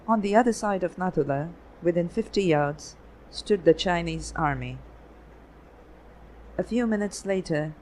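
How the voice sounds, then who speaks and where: Steady audiobook narrator. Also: medium pitch, a little hiss or hum, rough recording. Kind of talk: scripted narration.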